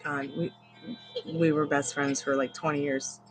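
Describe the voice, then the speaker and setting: A woman's voice: low voice, level tone, measured pace, soft background music, rough recording. A woman in her thirties, a tarot reader on a live stream, rambling through personal stories and calling out to spirits in casual chat. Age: 30s. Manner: rambling storyteller who talks to spirits.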